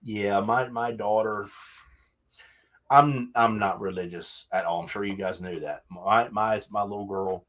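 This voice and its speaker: A man's voice: fairly low pitch, a little slow, fairly bright tone. A man hosting a casual livestream chat, talking bluntly and swearing freely. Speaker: host.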